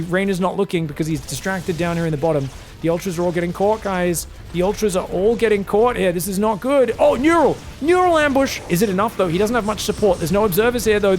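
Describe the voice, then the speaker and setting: Excitable high-voiced male game caster. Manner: fast play-by-play with shouted outbursts. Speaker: esports caster. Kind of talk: excitable live game commentary.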